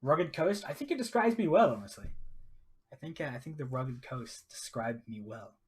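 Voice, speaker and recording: A man's voice: medium pitch, big pitch swings, moderate pace, slightly rough. A man narrating his solo tabletop role-playing game on a live stream, casual and hesitant, chatting with viewers. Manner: casual and hesitant, many ums, talks to chat.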